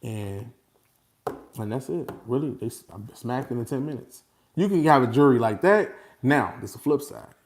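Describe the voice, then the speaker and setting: A man holds forth to his followers in an unscripted, loose monologue. He repeats himself for emphasis and keeps slipping into laughter. His voice sits at an ordinary middle pitch. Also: moderate pace. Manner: animated and repetitive, slipping into laughter. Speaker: vlogger addressing his followers.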